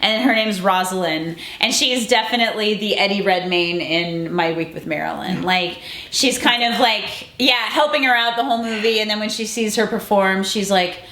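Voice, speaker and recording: A young adult woman co-hosting a movie review show, talking casually, full of fillers and quick restarts. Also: medium pitch, pushed and bright. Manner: chatty, peppered with fillers and restarts. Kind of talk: casual chat. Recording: roomy echoey room.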